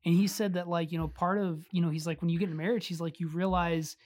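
A man's voice: a little high, fairly even intonation, quick pace, a little mellow, no echo. A man co-hosting a casual faith podcast, rambling and searching for his words as he asks questions. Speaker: podcast co-host.

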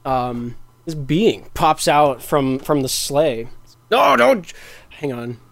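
A woman co-hosting a podcast, narrating an improvised comedy scene with giggles and quick asides. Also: rumbling low, expressive, dry recording.

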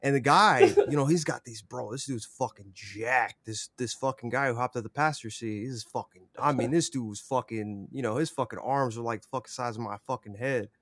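A man's voice: medium pitch, fairly quick, hardly any pauses, a bit bright, dry recording, clean studio sound. A young man, a podcast guest, telling a rambling story in casual chat, full of swearing and fillers.

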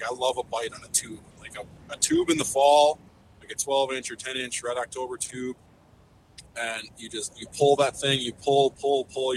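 A man's voice: lowish voice, background noise. A man, a fishing guide, talking in a casual podcast interview, enthusiastic and rambling with lots of fillers and restarts.

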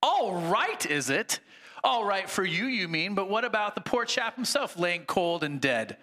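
An aggrieved, blustering male ghost who keeps insisting on his own rights in coarse, broken grammar, as a man reading in a sermon puts him on. The voice sits high and comes across bright and forceful. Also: very animated, unhurried, full character voice. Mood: indignant.

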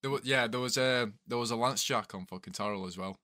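Bright-voiced army veteran man. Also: mid-range voice, quick pace, no echo, clean studio sound. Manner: laughs through stories, sweary. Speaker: podcast guest, army veteran. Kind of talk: casual swearing banter, war stories.

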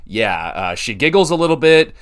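A man hosting a wrestling podcast, recapping shows in an excitable, chatty way with lots of fillers. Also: mid-range voice, moderate pace.

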